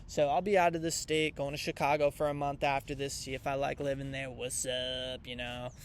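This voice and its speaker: A man's voice: mid-range voice, flat delivery, fairly quick, slight background noise. A young man rambling casually and irreverently to camera in a vlog, with many fillers. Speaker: vlogger reviewing piano books. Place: outdoors.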